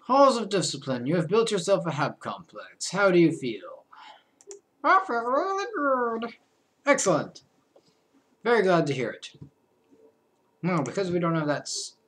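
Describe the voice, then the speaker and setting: Playful chatty young man, lively pitch. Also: a little hiss or hum. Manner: chatty, playful, trailing off into mumbled asides. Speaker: let's play host. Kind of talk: casual gameplay commentary.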